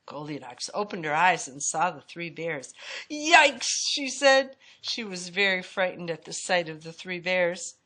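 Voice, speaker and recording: A woman reads a children's storybook aloud in a lowish voice. Her delivery is expressive and swings up and down the way storytelling does. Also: normal speed, hardly any pauses. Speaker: storybook reader.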